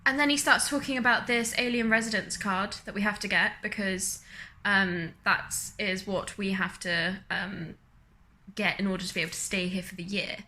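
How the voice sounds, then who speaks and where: A woman's voice: medium pitch, fairly even intonation, moderate pace, bright, forceful tone. A young woman from the UK, vlogging in a casual, chatty, self-mocking way, retelling her story with lots of laughter. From United Kingdom.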